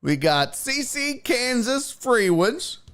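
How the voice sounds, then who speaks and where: A man's voice: extremely high pitch, sing-song, slow, fairly bright tone, clear, resonant tone. A man from Houston, hosting a sports livestream and chatting loosely with viewers, swearing freely and using lots of fillers. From Houston, Texas. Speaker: sports show host. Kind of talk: casual livestream chat reading the chat.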